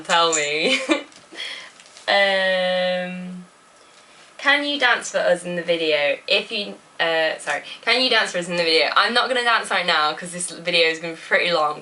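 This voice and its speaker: Young woman, chatty and giggly, rambling, slightly lower bright voice, recorded a bit off-mic. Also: recorded from a distance, rough recording. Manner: giggly, rambling, lots of fillers. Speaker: vlogger answering viewer questions. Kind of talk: casual Q&A chat. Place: home bedroom.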